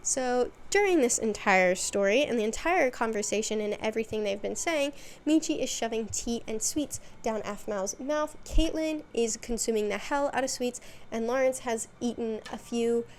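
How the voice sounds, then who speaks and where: A woman's voice: on the high side, normal speed, slight background noise. A woman hosting a video, chatting through a casual, rambling recap with lots of fillers and asides. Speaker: video host.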